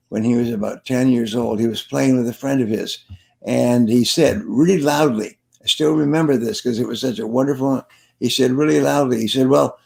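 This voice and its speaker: A man's voice: mid-range voice, creaky, a little mellow. An older man, a sales trainer being interviewed, telling stories and giving advice in an earnest way, repeating key phrases for emphasis. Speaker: sales trainer and guest speaker.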